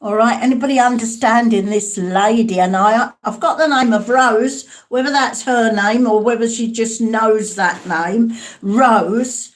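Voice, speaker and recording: A woman's voice: fairly high pitch, unhurried. A woman giving a live spirit mediumship reading, hesitant and calling her listeners darling and sweetheart.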